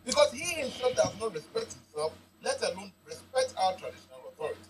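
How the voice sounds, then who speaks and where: Ghanaian male guest, fairly high lively voice, emphatic and rhetorical. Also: fast, breathy edge, poor audio. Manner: emphatic, rhetorical, uses repetition. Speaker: political commentator guest. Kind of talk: forceful political commentary.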